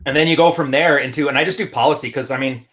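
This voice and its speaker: A man with a Canadian accent co-hosting a casual podcast chat, telling stories briskly and laughing often. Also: mid-range voice, steady tone, a bit bright. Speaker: podcast co-host and relationship consultant.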